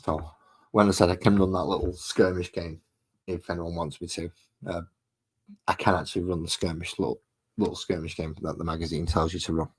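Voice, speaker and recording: A man with a low, slightly husky voice rambles casually as he works through his painting. He thinks aloud and pokes fun at himself, in an unhurried, chatty way at a home hobby desk. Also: level tone, rough recording. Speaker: miniature painting hobbyist host.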